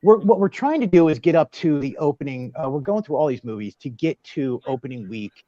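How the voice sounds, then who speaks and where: Homem animado apresentando um painel ao vivo. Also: male voice, fairly high pitch, expressive, warm tone, dry recording. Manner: jokey, laughs often, fast talking. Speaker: host. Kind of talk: casual livestream panel chat. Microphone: video call. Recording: dull dry lo-fi sound.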